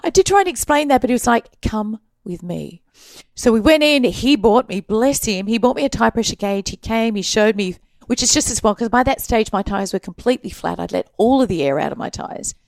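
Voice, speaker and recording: An Australian woman guest telling her stories in a casual interview, animated and laughing often. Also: a little high, a little fast, vocal fry, few pauses, no echo. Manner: animated storyteller, laughs often, acts out quoted voices.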